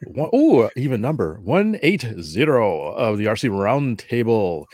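A man hosting a hobby podcast in casual chat, playful and quick to laugh. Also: medium pitch, no echo. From northern US. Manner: playful, animated, laughs easily. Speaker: podcast host.

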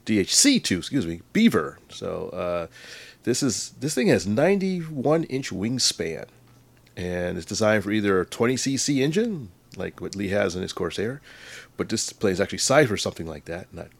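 A man's voice: fairly low pitch, very animated, moderate pace, gravelly, no room sound. A man co-hosting a casual hobby podcast, easygoing and searching for words as he explains things. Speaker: podcast co-host. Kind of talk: casual chat.

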